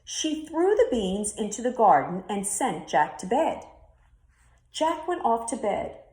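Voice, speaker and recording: A woman's voice: on the high side, big pitch swings, slow, darkish tone. A woman teacher reading a children's storybook aloud expressively, then talking to her pupils. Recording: roomy echo.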